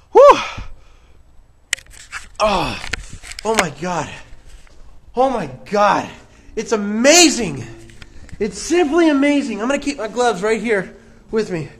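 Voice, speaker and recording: A man vlogging outdoors in a snowstorm, excitable and rambling, out of breath, talking into a handheld camera mic. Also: high voice, slow pace, long pauses, slight background noise.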